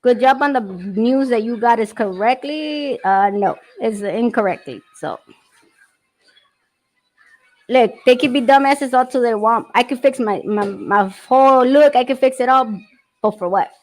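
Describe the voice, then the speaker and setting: A middle-aged woman hosts a casual livestream, joking in a brash, profane way and laughing often. Her voice sits a little high for a woman, and she keeps the talk loose and irreverent. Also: moderate pace, rough recording. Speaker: livestream host. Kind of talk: casual chat. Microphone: streaming setup.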